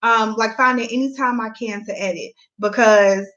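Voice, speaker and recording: A woman's voice: fairly high pitch, fairly even intonation, normal speed, a bit bright, lo-fi sound. A young woman chatting candidly to her viewers at home, a mom vlogging in casual Southern-style speech. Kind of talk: casual chat.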